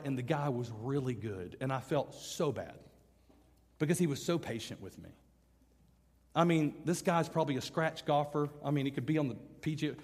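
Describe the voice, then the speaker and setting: A husky-voiced man preaches a sermon in a big reverberant hall. His pitch sits a little high and swings widely as he tells a story and acts out the dialogue with loud, emphatic bursts.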